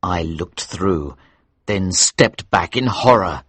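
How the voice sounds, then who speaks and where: A man reading a story aloud for English learners, slow, clear and expressive. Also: sits low, dry recording.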